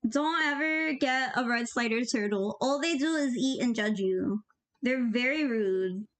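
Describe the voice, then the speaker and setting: Talking casually while working, a young woman animator rambles and jokes, sharing offhand tips along the way. She sounds a little high and fairly bright, in no hurry.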